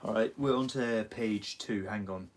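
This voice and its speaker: A man's voice: lowish voice, unhurried, a little hiss or hum. A man with an English accent casually retelling a story in a loose, rambling way, full of fillers and restarts.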